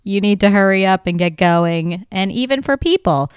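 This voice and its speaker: A woman's voice: mid-range voice, expressive, normal speed, clear, resonant tone, dry recording, clean studio sound. A woman hosting a comedy podcast, talking in a chatty, exasperated way and laughing often. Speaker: podcast host. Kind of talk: casual comedic monologue.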